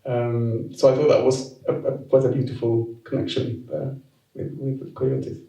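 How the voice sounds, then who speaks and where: A man's voice: medium pitch, level tone, moderate pace, warm tone. Hesitant man hosting a live event. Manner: hesitant, many fillers. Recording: roomy venue sound, mic far off.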